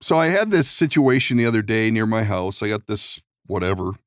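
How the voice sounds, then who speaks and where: A man's voice: lowish voice, sing-song, brisk, no echo, studio quality. Laughing, rambling man telling stories. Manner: rambling storyteller, laughs often, swears. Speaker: podcast host. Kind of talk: casual chat.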